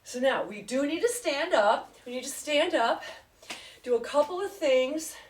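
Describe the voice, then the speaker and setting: A woman's voice: high-pitched, animated, unhurried, a little hiss or hum. A woman fitness trainer leading an exercise class, chatty and upbeat, counting reps aloud and getting out of breath. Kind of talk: live exercise class instruction. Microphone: camera at a distance. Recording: echoey room, voice far from mic.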